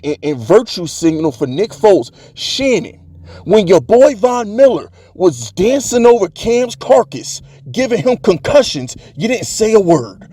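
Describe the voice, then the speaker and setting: A man's voice: high-pitched, dark tone. A man hosting his own sports channel, delivering a heated, fired-up commentary rant in streetwise slang.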